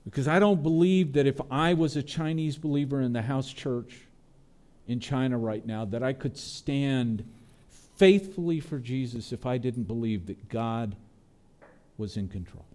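A man preaching a sermon, earnest, his voice dropping low and soft on tender lines and lifting on prayers. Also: unhurried. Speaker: pastor.

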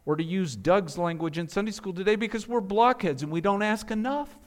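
A middle-aged man preaching from the pulpit in a slightly high voice. He asks his listeners pointed rhetorical questions and often stumbles and restarts his phrases in earnest. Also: brisk. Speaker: pastor. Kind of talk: sermon.

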